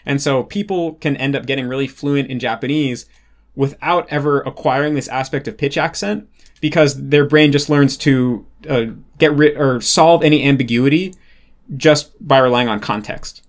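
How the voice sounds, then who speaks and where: A man's voice: mid-range voice, normal speed. A man explaining a concept in casual talk, working through examples with frequent restarts and fillers.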